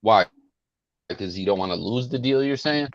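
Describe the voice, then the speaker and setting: Muffled lo-fi audio with a faint hiss carries this man's voice as he co-hosts a podcast. He speaks on the low side at a moderate pace with lively intonation, and his casual chat is slangy and rambling, full of "like" and "bro."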